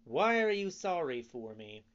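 A man's voice: on the high side, big pitch swings, a little slow, fairly bright tone, muffled recording. A man voicing a rude, hot-tempered wooden puppet boy in a storybook reading, with a raised, brash voice. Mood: defiant.

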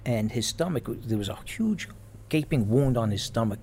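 A man and former police officer telling stories in casual chat, animated and laughing as he goes. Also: mid-range voice, moderate pace, slight background noise. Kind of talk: casual storytelling.

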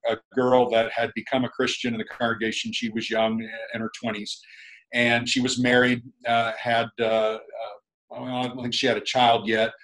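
Homem contando história de forma descontraída. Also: male voice, medium pitch, poor audio. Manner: rambling, frequent restarts and chuckles. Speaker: guest minister. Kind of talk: casual storytelling conversation.

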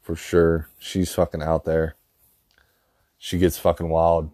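A man's voice: sits low, monotone, slow pace, warm tone, no room sound, studio quality. A man telling rambling, profanity-filled funny stories in a casual way, often laughing at his own tales. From rural dairy farm upbringing. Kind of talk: casual comedic storytelling.

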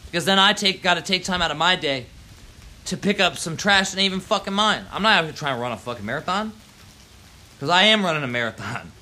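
A man's voice: sits high, animated, fast, bright, forceful tone. A man, ranting heatedly and profanely on his porch, dropping "man" and "yo" throughout. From Baltimore, Maryland. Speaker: vlogger. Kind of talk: profane outdoor rant. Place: front porch outdoors in the rain.

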